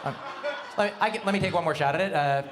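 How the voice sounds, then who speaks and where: A middle-aged man doing a stand-up comedy set, animated, with quick asides and wordplay. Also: fairly high pitch, heavy background noise. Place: comedy venue with live audience.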